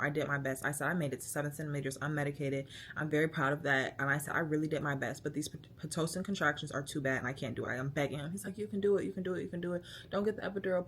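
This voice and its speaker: A woman's voice: sits low, pushed and bright. A young woman vlogging her birth story, retelling it emotionally with lots of quoted speech. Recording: light background noise.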